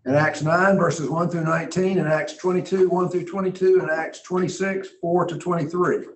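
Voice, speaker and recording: A man teaching a Bible study lesson in a folksy, conversational way, often clearing his throat. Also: high voice, steady tone, normal speed, slight background noise. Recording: roomy echo.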